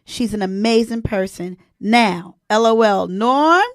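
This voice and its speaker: A woman's voice: medium pitch, a little slow, dry recording, clean studio sound. A woman, hosting a casual live-stream chat, chatty and emotional as she talks to her viewers. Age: 40s. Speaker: host.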